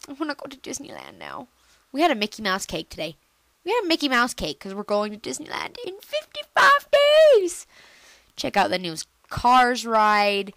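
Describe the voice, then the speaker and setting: Excitable woman, gameplay commentary, lively bouncing pitch, unhurried, dry close sound. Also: clear, resonant tone, no echo. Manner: excitable, chatty, jumps into squealy high bursts. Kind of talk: casual let's-play commentary.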